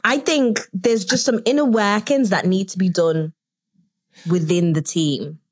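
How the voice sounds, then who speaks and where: A woman co-hosting a casual podcast, playful and quick to joke. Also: mid-range voice, dry recording, studio quality. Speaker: podcast co-host.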